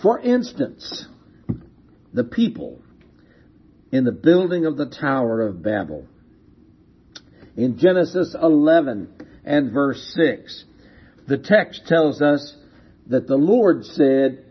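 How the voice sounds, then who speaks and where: A man preaching a sermon, telling a story slowly and asking rhetorical questions, heard on a dull lo-fi recording. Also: medium pitch, very animated, husky.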